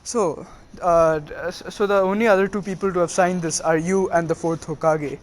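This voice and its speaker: A man voicing a smug, cocky teenage boy ninja in a fan-told story, with halting, filler-heavy speech. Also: high-pitched, fairly even intonation, close to an everyday voice.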